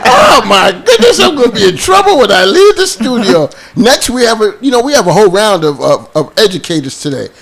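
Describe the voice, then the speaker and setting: A man's voice: high voice, sing-song, brisk, hardly any pauses, a bit bright. A man hosting a talk show panel, joking and bantering with his co-host.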